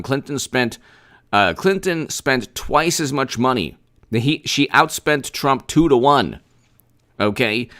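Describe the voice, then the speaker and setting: A man hosting a casual political commentary livestream, animated and repetitive, often restarting his sentences and speaking straight to viewers. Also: mid-range voice. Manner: animated, repetitive, mock-quoting opponents, frequent restarts.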